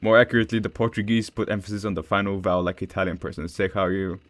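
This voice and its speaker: Low-voiced man with an Eastern European accent. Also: steady tone, very fast, no echo. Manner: rambling, chatty, with frequent fillers and chuckles. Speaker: gaming streamer. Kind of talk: casual gameplay commentary.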